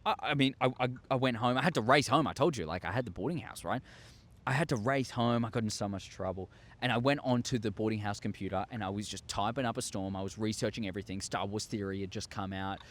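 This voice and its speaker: A young man telling a story to his viewers, excitable and acting out scenes with sound effects. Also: on the low side, fast. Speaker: YouTuber. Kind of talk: casual storytelling monologue.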